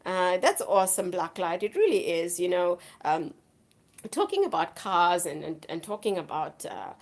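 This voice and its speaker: A woman's voice: lowish voice, sing-song, moderate pace. A woman hosting a live stream, chatting casually with viewers and rambling on in an effusive, repetitive way, her voice worn from the flu. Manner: rambling, effusive, repeats herself.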